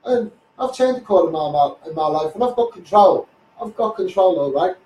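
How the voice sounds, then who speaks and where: A man's voice: high voice, expressive, fairly quick, a little mellow, echoey room, recorded from a distance, slight background noise, low-quality recording. A man with a Scouse accent ranting bluntly on a live stream, often asking "you know what I mean". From Liverpool, England.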